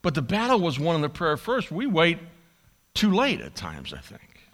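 Animated, bright-voiced male preacher. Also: fairly high pitch, normal speed. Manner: dramatic, voicing the prayers of Jesus in a pleading tone; emphatic, repeats key lines. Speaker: pastor. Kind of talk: sermon.

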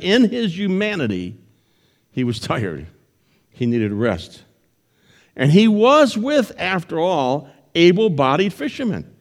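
A male pastor with a slightly high voice preaches to his congregation in church, retelling a story while his pace and loudness keep shifting.

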